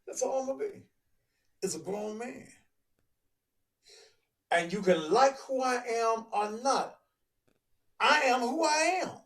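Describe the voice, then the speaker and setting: A middle-aged man preaches in a fiery, profane monologue. He drifts between slow, quiet reflection and shouted outbursts. His voice sits high and unhurried, picked up from a little way off the mic. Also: lively intonation, recorded from a distance. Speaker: preacher and online show host.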